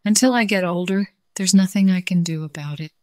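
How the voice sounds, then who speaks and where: A woman voicing a young male bear cub who is kind and gently teasing, in a children's storybook reading. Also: on the low side, a little fast, no echo, clean studio sound, natural voice. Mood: earnest.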